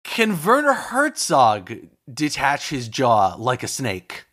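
A male podcast co-host in casual comedy chat, rambling through playful questions. His pitch swings widely as he talks. It is a lively, animated delivery. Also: slow.

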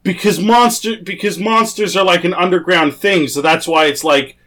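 A man's voice: sits high, steady tone, moderate pace, a bit bright. A man co-hosting a comedy podcast, asking wry, teasing questions. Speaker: podcast co-host. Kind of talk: casual comedic chat.

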